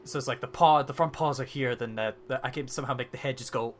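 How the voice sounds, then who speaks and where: A man's voice: mid-range voice, fast talker, faint music behind, lightly acted. A man voicing a chatty, curious male merchant tailor in a tabletop game, who rambles and muses aloud. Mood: musing.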